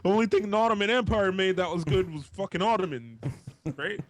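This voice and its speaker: A man's voice: sits high, lively intonation, a little fast. A man hosting a podcast, chatting casually, rambling, swearing freely and laughing often. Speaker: podcast host. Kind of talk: casual chat.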